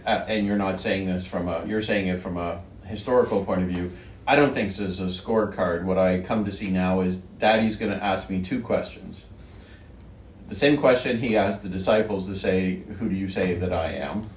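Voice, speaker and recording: A man with a fairly low voice talks loosely and meanders in a casual conversation about faith, chuckling as he goes. He sounds set back from the microphone. The room is echoey, with a faint ambient hum. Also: fairly even intonation, moderate pace. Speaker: podcast co-host. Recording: distant mic in an echoey room.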